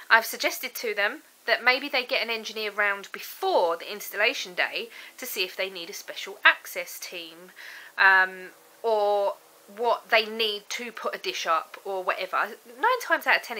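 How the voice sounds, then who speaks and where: Young woman, vlogger, bright sharp voice, mid pitch, exasperated ramble. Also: lively intonation, normal speed, poor audio. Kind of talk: casual vlog chat. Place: home, indoors.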